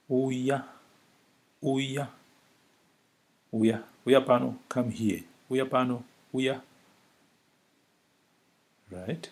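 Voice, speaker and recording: A man teaching a vocabulary lesson, saying each word slowly and repeating it several times for the listener. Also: lowish voice. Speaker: language teacher. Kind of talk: slow spoken vocabulary lesson.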